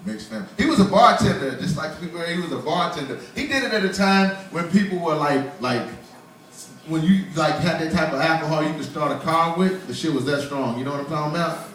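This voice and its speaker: A man's voice: on the high side, brisk, a bit bright, slight background noise. A man in his forties doing a loose, conversational stand-up comedy set in a small bar, laughing at his own jokes. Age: 40s. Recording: roomy bar, voice from far off.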